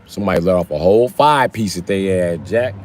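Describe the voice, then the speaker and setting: A man's voice: low-pitched, fairly quick, a little mellow, a little hiss or hum. A young man from the Chicago area chatting casually with viewers on a phone livestream, rambling and profane with streetwise slang. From Chicago area, USA. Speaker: livestream host.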